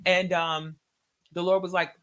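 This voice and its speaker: A woman telling an emotional personal testimony in a conversation, animated and acting out the words in quotes. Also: fairly low pitch, measured pace. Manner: animated, acts out her own and others' words in quotes. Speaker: guest sharing a testimony.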